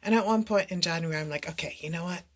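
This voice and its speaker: A woman's voice: fairly low pitch, very fast. A woman who is a podcast guest and somatic coach, telling personal stories candidly and acting out her own dialogue with laughs between phrases.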